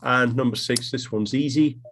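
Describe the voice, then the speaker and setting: A man teaching an online English class, talking in a relaxed, chatty way with many ums and restarts. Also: mid-range voice, moderate pace.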